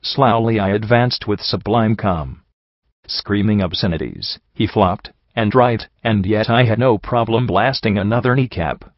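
A man reading a first-person fan fiction story aloud with a steady, even delivery. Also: on the low side, unhurried, dry recording, lo-fi sound. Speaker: audiobook reader.

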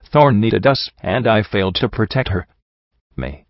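A man gives voice to a hoarse young mare who blames herself, pushing the words out firmly in a low rasp. The audiobook sounds dry and a little dull. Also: a little slow, no room sound. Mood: grim. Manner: rasping and firm. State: hoarse, with a bruised throat. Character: hoarse, guilt-ridden young mare, the story's teller.

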